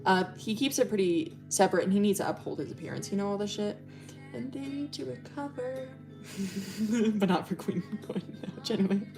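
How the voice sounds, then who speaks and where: A woman's voice: medium pitch, moderate pace. A young woman livestreaming, casually telling a rambling story with lots of fillers and swearing. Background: faint music playing.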